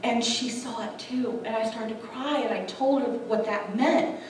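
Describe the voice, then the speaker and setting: A woman with a fairly high-pitched voice earnestly shares her testimony at normal speed, acting out the quoted dialogue in her personal story. The mic sits at a distance in an echoey hall, and there is a little hiss or hum.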